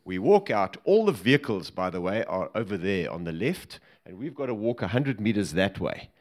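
Low-voiced man, ex-bodyguard raconteur, humorous live storytelling. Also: moderate pace. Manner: lively and humorous, laughing at his own story. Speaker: former presidential bodyguard telling a story. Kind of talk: anecdotal storytelling to a live audience.

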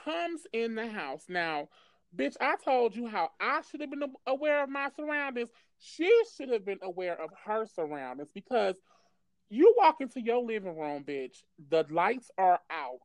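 A woman's voice: on the high side, normal speed, dry recording. A woman casually telling a wild personal story, cursing freely and laughing as she talks. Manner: profane, animated, laughs often.

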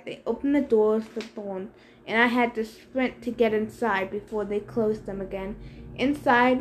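Lady reading a book out loud, bit high voice, echoey room w faint hiss. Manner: steady first-person narration. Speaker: reader. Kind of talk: reading a novel aloud.

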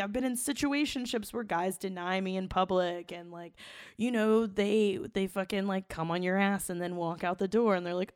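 A young woman co-hosting a podcast, telling a raunchy story in blunt, profane, animated casual talk. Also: medium pitch, normal speed, clean tone, no room sound, studio quality. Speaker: podcast co-host.

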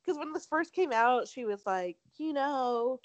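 A woman's voice: fairly high pitch, lively intonation, moderate pace, no room sound, muffled recording. A young woman co-hosting a podcast, gossiping casually in slangy, laughing chat. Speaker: podcast co-host.

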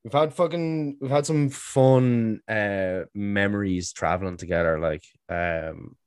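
A man's voice: on the low side, measured pace, clean tone, no room sound, clean studio sound. A young Irish man hosting a podcast, chatting casually, laughing and swearing freely. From Ireland. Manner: laid-back, swears freely, laughs often. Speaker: podcast host. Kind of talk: casual chat.

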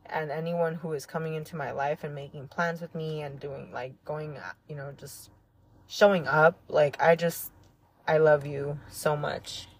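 Low-voiced earnest woman podcaster. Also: steady tone, unhurried, a little hiss or hum. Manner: earnest, heartfelt, rambling with frequent "like" and soft laughs. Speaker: podcast host. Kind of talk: reflective solo podcast monologue.

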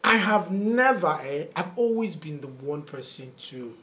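A man tells comic stories from his life, acting out every quote and laughing along. His voice sits high. A lively crowd is heard around him. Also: measured pace. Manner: animated storyteller acting out quotes, laughing often. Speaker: comedian guest. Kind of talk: casual storytelling chat.

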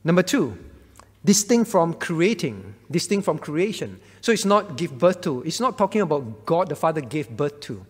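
A male pastor leads a teaching Q&A talk built on Bible questions, repeating key phrases and checking in with his listeners. His husky voice runs on the high side with a sing-song lilt at a moderate pace, and the hall adds long reverb.

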